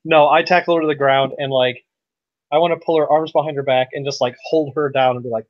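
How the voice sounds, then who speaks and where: A man's voice: medium pitch, steady tone, quick pace, no room sound. A man playing a tabletop game, talking casually and joking around. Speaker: player. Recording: dry, lo-fi recording.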